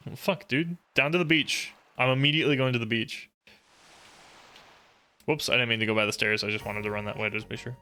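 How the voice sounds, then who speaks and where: A man's voice: medium pitch, fairly even intonation, a little fast, bright, forceful tone, smooth. A man streaming a game, reading its lines aloud, joking, swearing and laughing often. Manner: jokey and swearing, laughs often, acts out silly voices. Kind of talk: casual let's-play commentary, reading game lines aloud.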